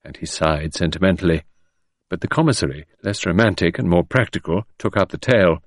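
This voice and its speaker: A male narrator reads a mystery novel in a measured, expressive way. His voice sits low and moves up and down freely. The recording is dry and close. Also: no room sound. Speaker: audiobook narrator.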